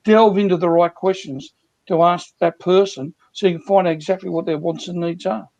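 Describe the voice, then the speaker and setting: Brief: male sales coach, high voice, earnest and repetitive, dry dull call audio. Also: fairly even intonation, normal speed, creaky, darkish tone, no room sound. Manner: earnest, repetitive, talks through examples. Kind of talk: guest explaining sales techniques.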